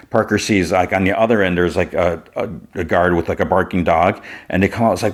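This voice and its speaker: A man's voice: low-pitched, steady tone, normal speed. A man hosting a podcast who recaps a TV episode in a casual, rambling way, full of "like" and restarts. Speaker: podcast host.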